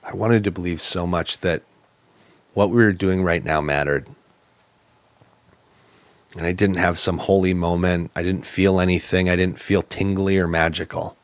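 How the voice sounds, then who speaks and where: Brief: low-voiced man, plainspoken and earnest, dry close recording, personal storytelling. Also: fairly even intonation, normal speed, long pauses, clean tone, no room sound. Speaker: podcast guest.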